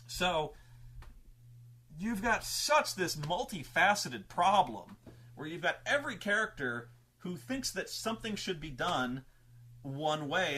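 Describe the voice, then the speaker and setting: A man telling gaming stories in a casual monologue, animated, swearing and acting out players' quotes in raised voices. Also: fairly high pitch, a little hiss or hum. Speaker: show host telling tabletop gaming stories.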